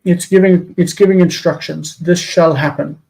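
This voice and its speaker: A weary man with a gravelly, dark-toned voice, pitched a little higher than most men. He walks a live online class through Hebrew grammar exercises, explaining patiently with frequent pauses and ums. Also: steady tone, rough recording. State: tired. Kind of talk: live-streamed language lesson.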